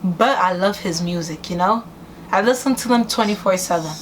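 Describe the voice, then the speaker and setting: A woman's voice: medium pitch, moderate pace, background noise. A young woman from New York City hosting a casual chat with her cousin, teasing and laughing often. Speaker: host.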